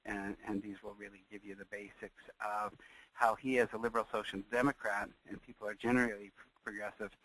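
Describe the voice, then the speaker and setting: Man giving a measured webinar lecture. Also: on the low side, flat delivery, fairly bright tone, poor audio. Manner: measured, searching lecturing with frequent pauses. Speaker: webinar presenter.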